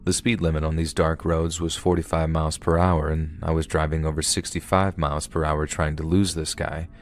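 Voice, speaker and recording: Very deep-voiced man telling a story. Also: level tone, a little fast. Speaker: narrator. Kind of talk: first-person horror story narration. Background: background music.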